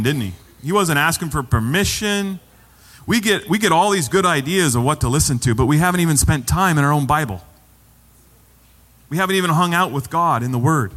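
A man's voice: fairly high pitch, fairly quick, sharp tone, in a large hall. A man preaching a sermon as pastor, conversational and repeating phrases for emphasis.

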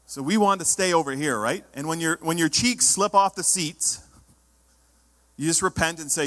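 A man preaching a sermon as pastor, emphatic, sometimes rising to loud exhortation. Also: fairly high pitch, moderate pace, in a large hall.

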